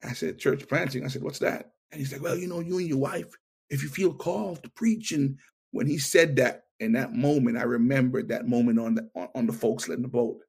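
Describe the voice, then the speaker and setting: A middle-aged man tells his testimony in an interview in a gravelly, husky voice. He talks in an animated way and acts out each line of dialogue. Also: medium pitch, a little fast. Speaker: interview guest.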